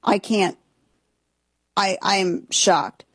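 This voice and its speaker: A woman hosts a political commentary show, her delivery emphatic and dripping with scorn. Her voice sits at a middling pitch and is recorded dry and close. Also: steady tone, extremely slow, husky, no echo. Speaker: host.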